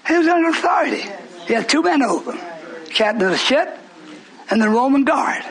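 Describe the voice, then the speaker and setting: Pastor, high bright voice, lively, fiery preaching that shouts and scolds. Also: male voice, a little fast, long pauses, poor audio. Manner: shouting, scolding, then joking with the congregation.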